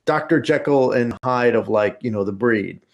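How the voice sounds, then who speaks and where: A man co-hosting a casual podcast, telling a long story with lots of swearing and sudden jumps into high acted voices. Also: normal speed, highs cut off. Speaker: podcast co-host.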